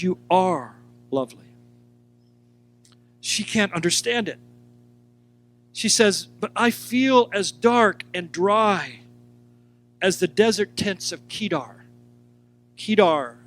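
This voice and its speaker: A man teaching a sermon, animated, acting out quoted lines and speaking straight to his listeners. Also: sits high, a little hiss or hum. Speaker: Bible teacher.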